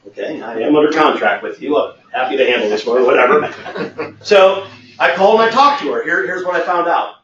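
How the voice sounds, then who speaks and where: A man's voice: a little high, expressive, moderate pace, a bit bright, dull audio, slight background noise. Man telling a workplace story, echoey and distant. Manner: anecdotal, acts out quoted dialogue. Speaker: sales trainer. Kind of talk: storytelling training webinar.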